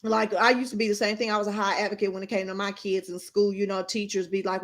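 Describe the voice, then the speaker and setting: A woman's voice: medium pitch, fairly even intonation, quick pace, hardly any pauses. A middle-aged woman co-hosting a casual talk show, emphatic and fond of repeating her point. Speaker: podcast co-host. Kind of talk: casual chat.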